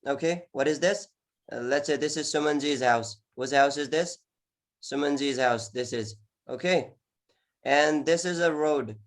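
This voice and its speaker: A man's voice: a little high, a little slow. A man teaching an online English exam class, encouraging, repeating words often with many "okay"s. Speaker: IELTS teacher.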